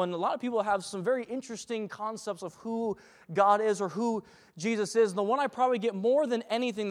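A young pastor with a voice high for a man delivers a lively sermon, dropping in little acted voices of doubting people. Long church-hall reverb rings around him.

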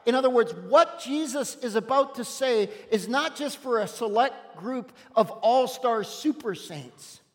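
A pastor preaches with a very high-pitched voice, leaning on key words and tossing in quick casual asides. His words ring out with a long reverb from a large church room. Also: animated. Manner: emphatic and conversational, with punchy asides. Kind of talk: sermon.

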